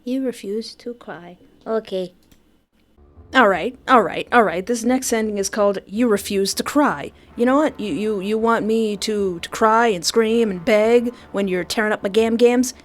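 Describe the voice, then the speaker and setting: A woman's voice: medium pitch, normal speed. A woman playing a horror visual novel, reading the text aloud and reacting in a jokey, dramatic way. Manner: animated, jokey, dramatic outbursts.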